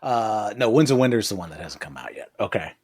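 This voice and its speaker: A man's voice: on the low side, animated, fast talker, a little mellow, husky, no room sound, clean studio sound. A man co-hosting a podcast, recapping a TV episode in a casual, profane, joking style and laughing often. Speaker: podcast co-host. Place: podcast studio.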